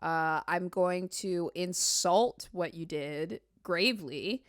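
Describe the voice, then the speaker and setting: A woman hosting reaction commentary on a video, emphatic and sarcastic, with animated asides. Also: lowish voice, slow, no room sound, studio quality. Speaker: commentary streamer host.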